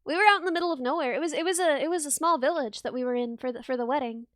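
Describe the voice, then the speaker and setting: A woman's voice: sits high, racing, no echo, studio quality. A woman streamer chatting casually with her viewers, giggling often in a bubbly, self-deprecating way. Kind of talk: casual livestream chat.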